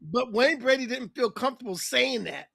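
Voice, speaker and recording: A woman co-hosting a casual podcast chat, retelling a sketch with animated storytelling. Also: fairly high pitch, moderate pace, gravelly, husky, no echo, studio quality. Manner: animated storytelling, acts out quoted lines. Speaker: co-host.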